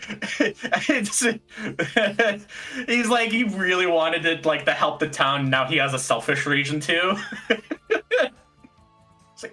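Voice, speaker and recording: A tabletop player talks slowly and giggles between in-character lines as a starstruck young fan. The voice is bright and forceful, with faint music in the background. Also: medium pitch. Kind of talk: tabletop role-play, in and out of character.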